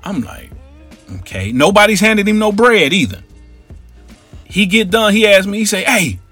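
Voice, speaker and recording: A man telling a comic story in an animated way, acting out each character in it. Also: high voice, normal speed, soft background music. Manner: animated, acts out every character in his story.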